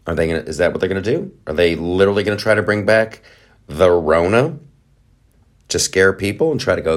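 Deep-voiced sarcastic podcast host. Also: male voice, lively intonation. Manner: sarcastic, rapid riffing with mock voices. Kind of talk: casual political commentary.

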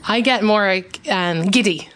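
An Irish woman chats as a guest comedian. She is relaxed and giggly, and her sentences trail along with soft fillers. She speaks at a middle pitch. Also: a little slow. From Ireland. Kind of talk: casual chat.

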